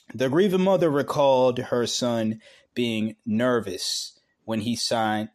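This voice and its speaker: A man reading a news article aloud in a slow, halting way, breaking off for blunt, profane asides. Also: on the low side. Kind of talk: casual commentary reading aloud.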